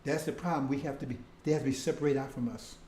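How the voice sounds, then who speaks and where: A man's voice: medium pitch, rapid-fire, dark tone, slight background noise. A man preacher giving a rambling sermon who keeps asking his listeners "see?" and "right?" and calls them brothers and sisters. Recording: roomy echo.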